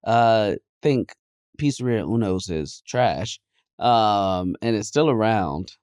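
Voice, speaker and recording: A man from Chicago co-hosting a food podcast, joking around with animated, quick reactions. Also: on the low side, clear, resonant tone, no room sound, clean studio sound. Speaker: podcast co-host. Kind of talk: casual chat.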